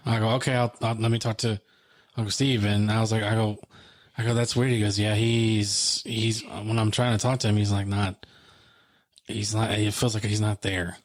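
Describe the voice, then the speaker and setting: Retelling an emotional story during casual podcast conversation, this male co-host speaks on the low side, in a level tone at a moderate pace. He performs the phone calls as quoted dialogue.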